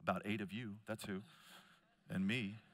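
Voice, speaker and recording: A man preaching at a conference, telling stories with loud emphatic bursts and quiet low asides. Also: fairly even intonation, moderate pace. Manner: storytelling, swings between loud emphasis and hushed low asides. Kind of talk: conference sermon. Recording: long hall reverb.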